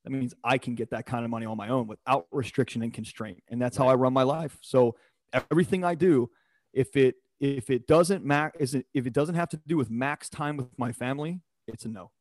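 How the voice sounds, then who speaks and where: A man's voice: mid-range voice, fast talker, darkish tone, no echo. Blunt, motivational man on a dry mic. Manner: emphatic, motivational, blunt with occasional swearing. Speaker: podcast guest, performance coach. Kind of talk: casual podcast conversation.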